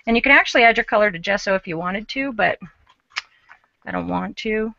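A woman's voice: mid-range voice, a little fast, gravelly, sharp tone, dull audio. A woman co-hosting a live craft show, chatting casually and explaining her work as she goes, with a self-mocking humor.

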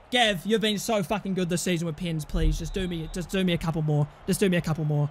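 A man's voice: high-pitched, fast, hardly any pauses. A young man reacting to a football manager game, swearing constantly and swinging from panic to screaming joy. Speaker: gaming YouTuber. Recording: faint background noise.

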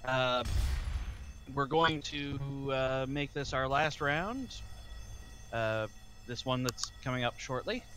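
A man talking through a group gaming session at an unhurried pace. His pitch rises and falls a lot, and he often stalls on fillers before he gets to the point. It is relaxed, casual chat between friends. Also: slight background noise. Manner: hesitant, with many "uh" fillers.

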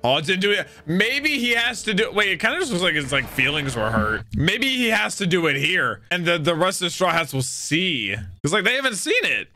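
Excitable young man reacting loudly. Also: sits high, brisk, few pauses, faint music behind. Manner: excitable, swings into loud outbursts. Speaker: anime reaction host. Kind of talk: casual reaction commentary.

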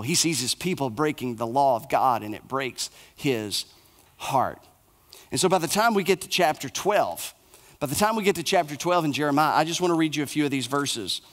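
A male pastor delivers a sermon in a fairly high voice. He builds his points in short, repeated phrases. He drops soft and low for the sorrowful parts.

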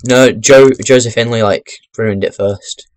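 A young man with a mid-range voice gives loose, rambling commentary as he plays a game at home. He talks into a webcam microphone and often bursts into loud excited exclamations. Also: mid-range voice, unhurried, dry recording. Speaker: gaming commentator. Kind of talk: chatty let's-play commentary.

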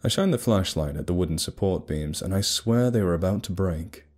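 A young adult man narrating a horror story in a steady, measured way. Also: low-pitched. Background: faint music.

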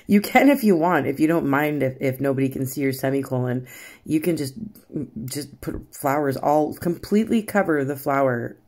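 A woman's voice: low voice, a little mellow. A Canadian woman hosting a rock painting tutorial, chatting casually with giggles and restarts. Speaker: rock painting channel host.

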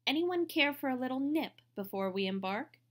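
A woman's voice: medium pitch, expressive, measured pace, a bit bright, slight background noise. A woman reading aloud and voicing a big, bluff, jovial colonial man with a breezy, hospitable manner.

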